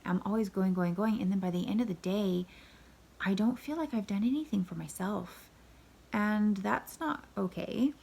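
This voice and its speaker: A woman's voice: mid-range voice, moderate pace, a little mellow. A woman in her thirties, a wife and mother, talking candidly and at length to her viewers in a casual vlog. She sounds tired and self-critical, and often drops to a near whisper. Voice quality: gravelly, husky.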